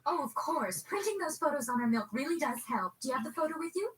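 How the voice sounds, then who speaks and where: A polite cartoon clerk. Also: female voice, high-pitched, very animated, fast, a bit bright, far from the mic, a little hiss or hum. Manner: polite, obliging. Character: helpful, polite female dairy clerk.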